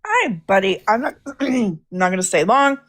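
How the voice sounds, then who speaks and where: A woman's voice: mid-range voice, big pitch swings, normal speed, fairly bright tone. Blunt scolding woman caller. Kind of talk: blunt call-in talk.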